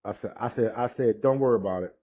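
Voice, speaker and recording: A man in his sixties telling his personal testimony in conversation, unhurried, acting out the dialogue he quotes, with frequent restarts. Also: lowish voice. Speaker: guest sharing his testimony. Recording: dull lo-fi recording.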